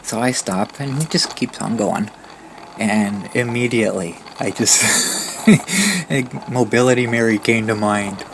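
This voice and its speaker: Man, vlogger, scooter driver, casual rambling storytelling, gravelly fry, loud background noise. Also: mid-range voice, lively intonation, a little slow, rough recording. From Southern Ontario, Canada. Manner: chatty, rambling, with frequent restarts.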